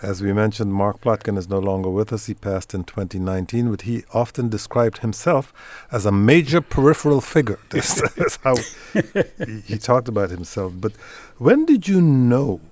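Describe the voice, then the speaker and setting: A man's voice: fairly low pitch, lively intonation, normal speed, a little mellow, no echo. A man hosting a radio talk show, asking questions with a curious tone and chuckling between remarks. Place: radio studio.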